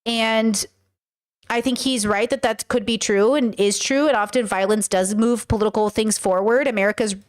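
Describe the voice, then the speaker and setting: Chatty high-voiced woman reacting to clips. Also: steady tone, normal speed. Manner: chatty, rambling, laughs often. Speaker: commentary host reacting to clips. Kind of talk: casual reaction commentary.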